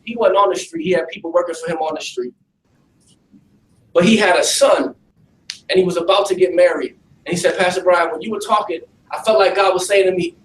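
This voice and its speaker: Male pastor, high voice, lively streetwise preaching; distant mic in an echoey room. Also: a little hiss or hum. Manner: streetwise, animated, talks with the audience. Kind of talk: preaching to young people in a facility.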